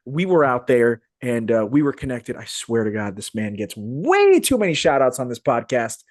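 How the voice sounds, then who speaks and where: A man hosting a podcast in casual, animated chat, full of fillers and restarts, over a video call. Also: medium pitch, moderate pace, no room sound. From Phoenix, Arizona area. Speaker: podcast host. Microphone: video call podcast mic.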